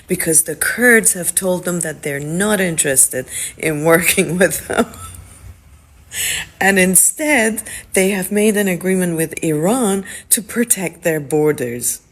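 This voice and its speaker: Low-voiced matter-of-fact female commentator. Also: animated, measured pace. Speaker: news commentator. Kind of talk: casual news commentary.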